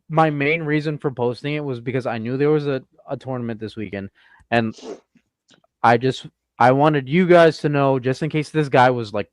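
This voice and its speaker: A man with a New England accent, co-hosting a fishing podcast and telling a story in casual chat, animated, with many stammered restarts. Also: medium pitch, dry recording. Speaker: podcast co-host.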